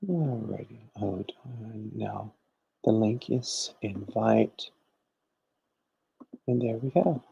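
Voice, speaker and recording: A man's voice: on the low side, slow, creaky, pauses often, warm tone, breathy edge, dull audio. A man hosting a casual livestream, chatting and teaching, greeting viewers by name and calling everyone honey. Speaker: livestream host and conjure teacher.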